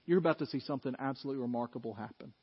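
A male pastor giving a sermon, swinging from loud, emphatic peaks to quiet, low asides. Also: racing, breathy edge. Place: church sanctuary. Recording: dull sound in a large reverberant hall.

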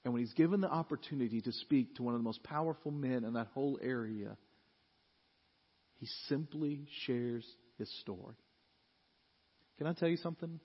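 A pastor preaching a sermon, reading scripture with loud, rising emphasis and dropping into quieter joking asides. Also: male voice, medium pitch, moderate pace, long pauses, slightly rough. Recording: dull recording in a reverberant church.

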